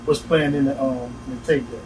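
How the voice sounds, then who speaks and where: A man's voice: medium pitch, fairly even intonation, brisk. A man, a rapper guest on a podcast, chatting casually and telling stories. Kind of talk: casual interview chat. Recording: distant mic with room noise.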